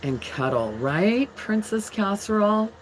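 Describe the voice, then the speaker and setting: A woman's voice: medium pitch, sing-song, unhurried, slight background noise, poor audio. A woman from England hosting a jewelry live stream, chatting casually with viewers and reading their comments aloud as she shows pieces.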